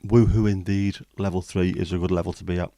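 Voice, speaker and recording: A man hosting a livestream talks fast in a low, dark voice with a level tone, rambling and joking as he chats with viewers. The recording is studio quality with no room sound.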